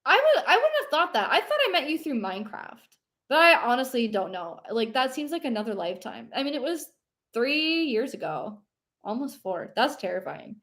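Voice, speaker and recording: A woman's voice: a little high, big pitch swings, moderate pace, a bit bright. A young woman streamer chatting casually and rambling, reading chat aloud and laughing often.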